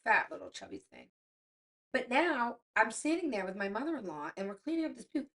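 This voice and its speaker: A middle-aged woman co-hosting a podcast, telling stories in casual chat, animated and swearing freely as she acts out quotes. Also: on the high side, fairly quick. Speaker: podcast co-host.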